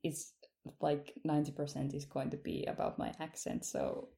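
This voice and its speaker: A woman speaking English as a second language, co-hosting a loose, jokey podcast. Her voice sits a little low, with a gravelly fry and a mellow, dark tone. She giggles often and pads her thoughts with "um". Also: big pitch swings, normal speed. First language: not English. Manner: giggly, self-mocking, many ums. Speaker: podcast co-host. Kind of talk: casual podcast chat.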